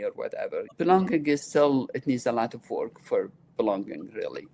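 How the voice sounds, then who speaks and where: A woman in her sixties from Iraq with an Iraqi accent, a nonprofit founder speaking earnestly and haltingly as an interview guest. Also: extremely low pitch, very animated, vocal fry, mellow, slight background noise. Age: 60s. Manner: halting, earnest, restarts often. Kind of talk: interview conversation.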